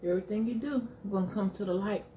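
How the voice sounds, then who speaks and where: Middle-aged woman, eating-show host, casual and emphatic, mid-pitched, faint ambience behind her. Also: fast, warm tone, slight background noise. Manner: candid, emphatic storytelling. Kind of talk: casual chat while eating.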